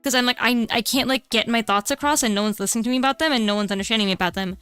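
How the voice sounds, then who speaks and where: Bright chatty young woman streamer. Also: fairly high pitch, very fast, clear, resonant tone, no echo. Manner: rambling, many fillers and self-interruptions. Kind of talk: casual chat while drawing.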